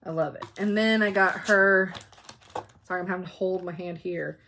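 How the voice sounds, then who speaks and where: A woman's voice: on the low side, steady tone, moderate pace, bright, forceful tone, slight background noise. Host: chatty woman, casual show-and-tell, laughs a lot. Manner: chatty, laughs often, talks to her dogs. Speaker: flosstube host.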